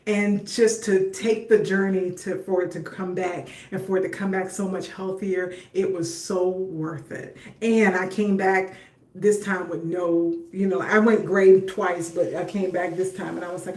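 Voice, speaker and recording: A middle-aged woman with a lowish, somewhat mellow voice speaks a little slowly in a steady tone, far from the mic in a room with echo. She hosts a casual livestream while styling her hair, chatting directly with viewers and touching on her faith.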